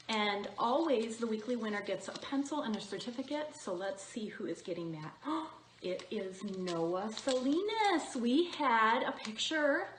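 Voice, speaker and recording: A woman's voice: a little high, a bit bright, roomy sound, slight background noise, poor audio. A woman hosting school morning announcements for children, cheerful and encouraging. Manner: cheerful, encouraging, talks to a companion.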